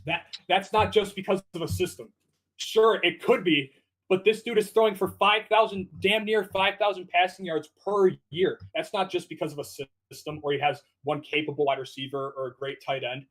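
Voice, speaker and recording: A man's voice: high-pitched, steady tone, normal speed, fairly bright tone, poor audio. A man arguing insistently in a casual live podcast debate, repeating his key points. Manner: insistent, repetitive.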